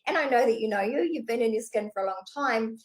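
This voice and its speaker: A woman business coach speaking unscripted straight to camera, talking fast and animated, casual and swearing freely. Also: fairly high pitch, rough recording.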